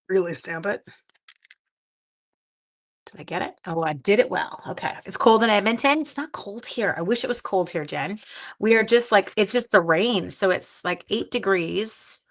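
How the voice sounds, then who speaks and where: A woman's voice: on the low side, a bit bright. Chatty woman hosting a craft livestream. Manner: chatty, greets and answers viewer comments while working; talks half to herself while crafting. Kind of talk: casual live-stream card-making demonstration.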